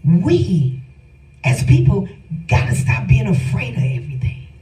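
A woman's voice: medium pitch, sing-song, measured pace, dark tone. Middle-aged woman giving an emphatic testimony. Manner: emphatic, addresses listeners directly. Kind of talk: emotional personal testimony. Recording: roomy sound from a distant mic with faint music.

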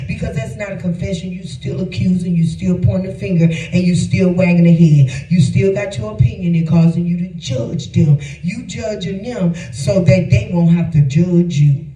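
A man giving a sermon in a lively, conversational preaching manner, joking and laughing with the congregation. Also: sits high, moderate pace. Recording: echoey room, voice from far off.

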